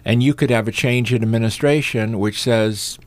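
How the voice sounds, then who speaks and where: A man hosting a live radio talk show from a studio, chatting in a relaxed, folksy way. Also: medium pitch, moderate pace, dry recording.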